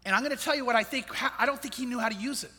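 A middle-aged man, a pastor, tells a personal story with earnest reflection, his high tone and bright, forceful timbre softening at heavy moments. The sound rings out with a long reverb, as in a big hall. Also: rapid-fire. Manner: earnest, reflective storyteller, voice drops low and soft at sad moments.

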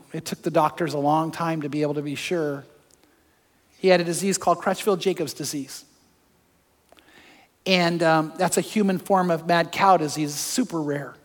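High-voiced preacher in a reverberant hall. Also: male voice. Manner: personal storytelling, swings from hushed to fervent. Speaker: pastor. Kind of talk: sermon.

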